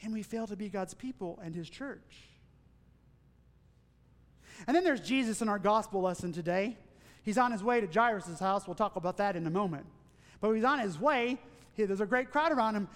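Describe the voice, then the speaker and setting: A man preaching a sermon as pastor, earnest, building into emphatic lists and dropping to hushed asides. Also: sits high. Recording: long church reverb.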